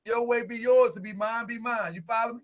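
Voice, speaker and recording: A man hosting a heated religious debate, loud and interrupting, often shouting. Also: extremely high pitch, steady tone, fairly quick. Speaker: show host.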